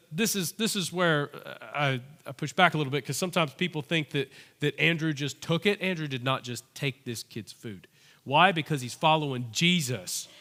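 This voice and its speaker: Animated, bright-voiced male pastor. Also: on the high side. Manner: animated storytelling, acting out voices. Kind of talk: sermon. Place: church. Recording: long church-hall reverb.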